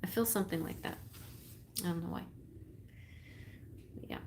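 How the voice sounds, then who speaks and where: A woman with a Texas accent chats her way through a live tarot stream, her voice sitting a little low. She rambles, leans on fillers and laughs often between thoughts, keeping it loose and conversational. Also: wildly swooping pitch, normal speed, gravelly, slight background noise. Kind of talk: casual live-stream chat.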